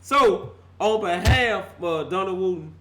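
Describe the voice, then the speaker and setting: A man's voice: high-pitched, lively intonation, measured pace, a bit bright, a little hiss or hum. A middle-aged man ranting as a fan vlogger, fired up and laughing, heavy on slang and repeating himself for emphasis. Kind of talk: animated fan rant.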